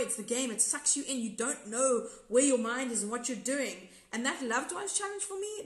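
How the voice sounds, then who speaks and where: South African woman, fairly high voice, rambling candid recap host, roomy echo. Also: fairly bright tone. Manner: rambling, self-correcting, candid. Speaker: episode reviewer and former contestant. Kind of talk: casual live recap chat reading viewer comments.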